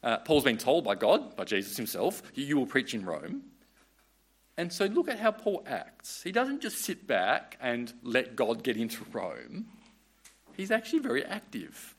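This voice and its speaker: A man's voice: mid-range voice, wildly swooping pitch, normal speed, husky. Guy preaching a sermon, earnest and chatty, voice swings up and down a lot. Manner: earnest, conversational, with frequent restarts.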